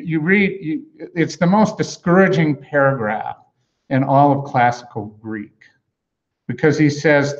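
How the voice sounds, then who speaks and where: A man's voice: mid-range voice, dull audio. A man preaching an expository sermon in a conversational way, with frequent fillers and restarts as he explains grammar. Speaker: pastor.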